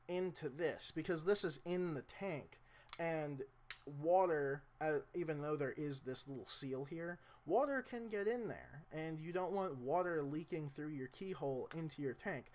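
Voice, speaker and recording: Young man, slightly raised pitch, casual how-to vlog, rambling asides, self-deprecating, camera mic. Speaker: motorcycle vlogger.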